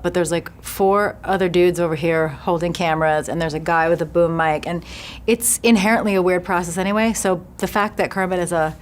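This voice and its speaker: A woman's voice: lowish voice, fairly even intonation, fairly quick. Chatty woman in a press interview. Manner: chatty, laughs often, trails off and restarts. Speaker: actress interviewed about her film. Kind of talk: casual press junket interview.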